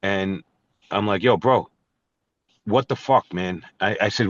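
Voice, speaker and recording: A man's voice: lowish voice, normal speed, pauses often, no room sound. Middle-aged New man, angry and foul-mouthed, calling someone out; dry, slightly dull recording. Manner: profane, confrontational, heated. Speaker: guest musician. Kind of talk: angry storytelling and call-out.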